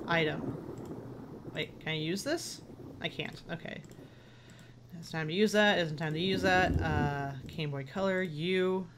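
A woman giving casual, excitable commentary while playing a game. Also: low voice, measured pace, pauses often, background noise. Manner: excitable, exclaiming, chatty. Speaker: let's player.

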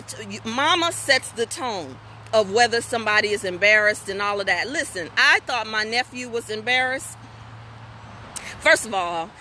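A woman's voice: a little high, a little hiss or hum. A middle-aged woman hosting a live women's talk stream, reading viewer comments and telling frank, folksy stories with asides to her audience. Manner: candid, folksy, animated storytelling with asides to viewers.

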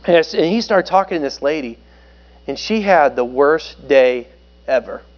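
High-voiced joking pastor preaching, dull sound. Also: male voice, lively intonation, moderate pace. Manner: conversational and joking, with sudden loud and soft swings. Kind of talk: sermon.

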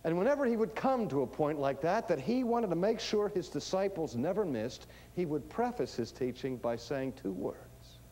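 A man delivering a teaching sermon, emphatic and dramatic, swinging between hushed lines and booming ones. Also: sing-song, moderate pace, few pauses. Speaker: preacher.

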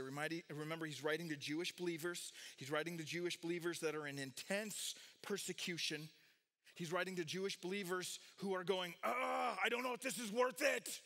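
A man preaching a sermon, swinging between loud, emphatic points and quiet asides. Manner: animated preaching, rising loud on key points, dropping low and quiet for asides. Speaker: pastor.

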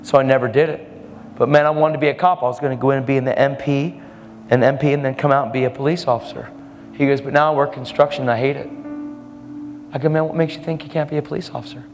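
A man preaching a storytelling sermon, animated, acting out the people in his stories with sudden jumps in pitch. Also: quick pace. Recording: long hall reverb, faint music.

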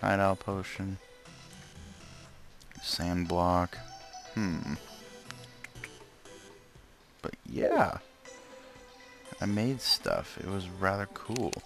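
Low gravelly man playing a game. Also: drawn-out words, long pauses. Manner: muttering to himself, bursts of frustrated yelling. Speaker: let's play gamer. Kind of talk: casual gameplay commentary. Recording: gameplay with loud game music behind.

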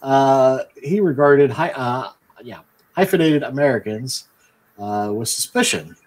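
A man's voice: mid-range voice, expressive, rough recording. A man co-hosting a casual history podcast, reading from his notes with a dry manner and lots of fillers. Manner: dry, many fillers and quick yeps. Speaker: podcast co-host.

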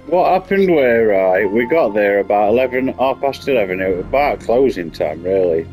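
A man's voice: lowish voice, animated, normal speed, a little mellow, soft background music. A man chatting casually while streaming a game, telling rambling, sweary stories. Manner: rambling storytelling, swears freely. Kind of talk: casual chat while playing.

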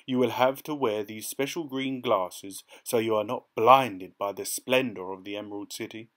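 A man's voice: mid-range voice, moderate pace, lightly acted. A man doing a doubtful city gatekeeper. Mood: serious. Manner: doubtful and serious. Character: gruff male gatekeeper, doubtful and serious.

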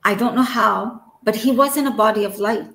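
A woman's voice: a little high, moderate pace, gravelly, fairly bright tone, roomy sound, poor audio. A woman telling a personal story as an interview guest, emotional and trailing off between phrases.

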